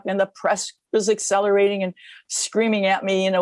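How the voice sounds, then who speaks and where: A woman's voice: medium pitch, fairly even intonation, normal speed, darkish tone, dry recording. An older woman in an archival interview, dramatically retelling what happened to her. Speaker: interviewee recalling her past.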